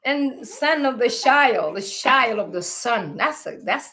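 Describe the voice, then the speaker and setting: A woman's voice: fairly high pitch, lively intonation, takes it slowly, pushed and bright. A woman giving a spiritual talk to online followers. She speaks emphatically, piles up rhetorical questions and calls on listeners to answer.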